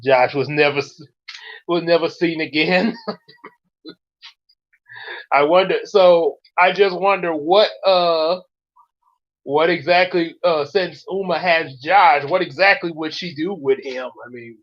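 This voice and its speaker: A woman's voice: sits low, slow pace, long pauses. A woman reading a storybook aloud with chatty asides, laughing at her own voices. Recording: dull lo-fi audio.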